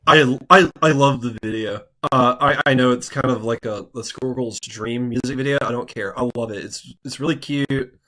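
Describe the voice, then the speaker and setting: A man co-hosting a music podcast in casual chat, animated, with lots of restarts, acting out his own reactions. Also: medium pitch, normal speed. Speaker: podcast co-host.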